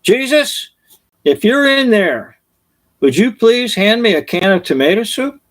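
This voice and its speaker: A man voicing a cheeky little boy named Johnny in a high squeaky child's voice. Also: big pitch swings, measured pace, a bit bright, exaggerated voice.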